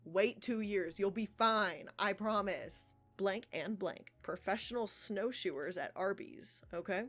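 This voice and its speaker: A woman's voice: mid-range voice, slow pace, hardly any pauses, a bit bright. A woman livestreamer reading profiles aloud and reacting in casual commentary, sarcastic and swearing, laughing often. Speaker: art livestreamer.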